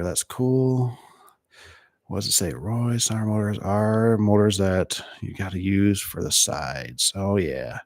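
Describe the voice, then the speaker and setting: A middle-aged man from Michigan with a deep, low voice talks casually to his viewers about door and gate work. He rambles from one story to the next. The sound is dry and close, with no room echo. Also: a little mellow. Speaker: door and gate installer hosting a live stream. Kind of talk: casual chat reading viewer comments.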